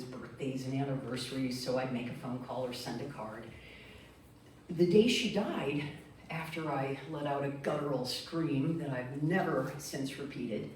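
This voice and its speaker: A middle-aged woman from Michigan, speaking as a guest speaker to a group, telling a personal story in a lively, animated way and acting out the quotes. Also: a bass voice, slight background noise. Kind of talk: storytelling talk. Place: meeting room. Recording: echoey room, distant mic.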